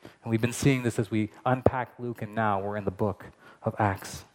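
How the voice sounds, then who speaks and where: A man pastor giving a lively, conversational sermon to a streamed church service, with casual asides. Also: lowish voice, moderate pace, a little hiss or hum.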